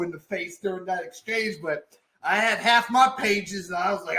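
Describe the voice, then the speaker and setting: A man co-hosting a casual fitness podcast, an animated storyteller who swears and laughs a lot. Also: high voice, normal speed, echoey room. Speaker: podcast co-host and fitness trainer.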